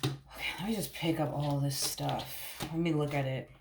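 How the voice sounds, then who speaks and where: Low-voiced woman reading tarot cards. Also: fairly even intonation, normal speed, creaky, reverberant, noisy background. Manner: blunt, swears freely, calls the viewer honey. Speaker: tarot reader. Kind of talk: casual tarot reading to camera.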